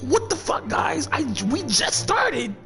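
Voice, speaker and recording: A young man playing a courtroom game and reacting out loud, excitable and swearing a lot, laughing and rambling in slang. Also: extremely high pitch, takes it slowly, soft background music. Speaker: gaming YouTuber. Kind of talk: let's play commentary, reading game dialogue aloud.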